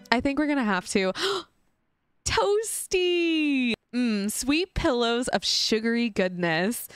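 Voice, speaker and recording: Slow, smooth-voiced young woman gamer. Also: medium pitch, no echo, clean studio sound. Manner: chatty, giggly, playful narrating of her game. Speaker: gaming YouTuber. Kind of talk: casual Let's Play commentary.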